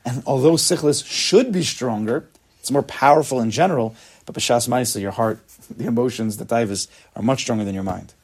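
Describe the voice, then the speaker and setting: A man's voice: medium pitch, normal speed, darkish tone, husky. A man giving a spoken Torah lecture, emphatic and repetitive, often dropping Hebrew terms into his English. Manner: emphatic, repeats words, sprinkles in Hebrew terms. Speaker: Torah teacher.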